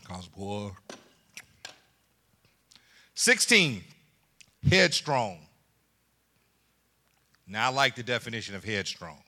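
A man's voice: on the low side, sing-song, takes it slowly, long pauses, bright, forceful tone. A man preaching a sermon as pastor, with laughing asides and call and response to the congregation.

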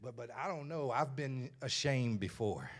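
A man's voice: medium pitch, expressive, moderate pace. A man preaching a sermon, emphatic and repetitive, swelling into a sing-song cadence.

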